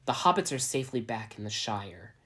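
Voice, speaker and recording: Dignified elf queen, read by a man, measured and even. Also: lowish voice. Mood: calm.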